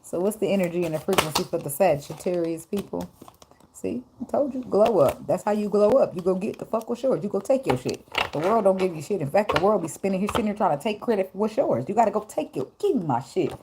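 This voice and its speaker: A woman's voice: mid-range voice, lively intonation, fast. A woman giving a loose, profane, joking tarot reading to her viewers from her phone at home. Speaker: tarot reader. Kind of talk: casual spiritual reading vlog. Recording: noisy phone recording.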